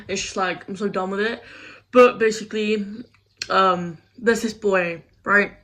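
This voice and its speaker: A woman's voice: medium pitch, fairly even intonation, unhurried, fairly bright tone, low-quality recording. A young woman vlogging casually, venting in a frustrated, rambling way, swearing often and filling her speech with "like". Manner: frustrated, rambling, swears, heavy use of 'like'. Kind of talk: casual vlog rant.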